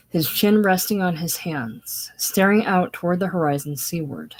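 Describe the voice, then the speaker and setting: A woman with a low voice reads stage directions aloud from a play. She keeps a steady pace with a few small stumbles and restarts. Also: moderate pace, few pauses, low-quality recording. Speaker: reader.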